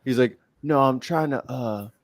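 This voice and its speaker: A man's voice: mid-range voice, normal speed, no echo. A man hosting a casual group chat on a video call, playful and teasing, laughing often. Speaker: host.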